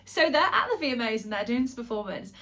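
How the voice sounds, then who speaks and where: Chatty gossiping woman, slightly high voice. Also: lively intonation, fairly bright tone. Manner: chatty, gossipy, with quick asides and self-corrections. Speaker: pop singer and vlogger. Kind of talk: casual chat to camera.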